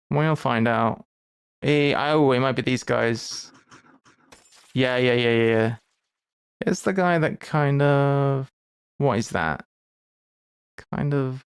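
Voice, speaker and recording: A man's voice: mid-range voice, creaky, smooth, no room sound. A man giving live commentary while he plays a game, chatty and thinking aloud, with playful asides. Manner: playful asides and mock lectures. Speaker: game streamer.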